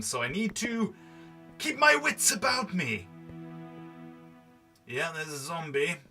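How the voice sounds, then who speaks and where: A man's voice: high voice, bright, forceful tone. Playful man gaming. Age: early 30s. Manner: playful, chatty, rambling. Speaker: gaming host. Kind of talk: let's play commentary. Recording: slightly distant mic, background music. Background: background music.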